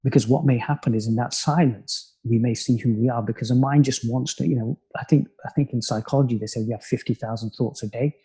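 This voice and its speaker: A man from the United Kingdom, a spiritual teacher, talking in a calm, musing way as a podcast guest, with many "you know" asides. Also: mid-range voice, fast, hardly any pauses, breathy edge. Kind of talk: reflective conversational podcast talk.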